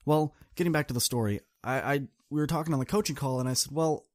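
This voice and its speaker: A man's voice: medium pitch, fast, no room sound, studio quality. Earnest male podcast coach. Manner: earnest, direct, addresses listeners as y'all. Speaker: podcast host and student coach. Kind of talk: casual storytelling monologue.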